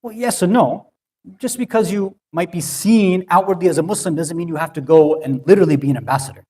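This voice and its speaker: A man's voice: high voice, a little fast, warm tone, husky. A man giving a sermon-style talk, telling a story conversationally and often checking in with "right?". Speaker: speaker at an Islamic center. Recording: long hall reverb.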